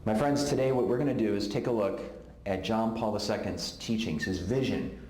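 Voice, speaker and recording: A man's voice: lowish voice, fairly quick, a little mellow, echoey room, a little hiss or hum. A middle-aged man speaking at a conference, telling a story and acting out the voices of the people in it. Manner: storytelling, acts out quoted voices. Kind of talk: talk to a live audience. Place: conference hall.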